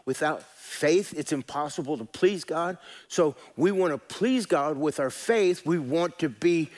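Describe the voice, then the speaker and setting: A man pastor preaching a sermon, folksy and animated, calling out to his congregation and swinging between soft and loud. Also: a little high, measured pace.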